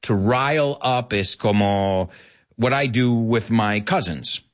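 Taking his time in a lowish voice, a middle-aged man runs a laid-back, radio-style English lesson. He clarifies English words with Spanish equivalents, staying playful and laughing a lot.

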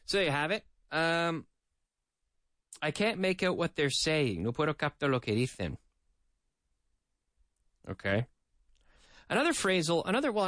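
Animated, fairly high-voiced male radio teacher. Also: dry recording. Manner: chatty, mixes in translated explanations, talks to co-host. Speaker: radio English teacher and host. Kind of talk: lively radio language lesson.

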